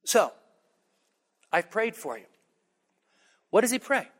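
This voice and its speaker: High, bright-voiced pastor in a reverberant hall. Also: male voice, takes it slowly, pauses often, slightly rough. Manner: animated, humorous, rising to high emphatic peaks. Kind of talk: sermon. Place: church sanctuary. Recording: long reverb of a church hall.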